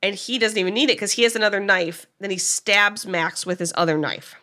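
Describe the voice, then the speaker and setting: A woman podcast co-host casually recapping a movie's plot, telling it with animated energy and frequent fillers. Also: medium pitch, fairly quick. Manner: animated storyteller, frequent "like" and laughs.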